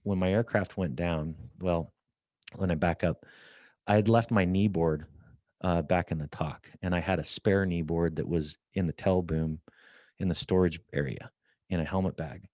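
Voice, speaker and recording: A man's voice: low voice, moderate pace, no room sound. A middle-aged man, a podcast guest, telling a story and acting out the dialogue from it. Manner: lively storyteller, acts out quoted dialogue. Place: office at company headquarters.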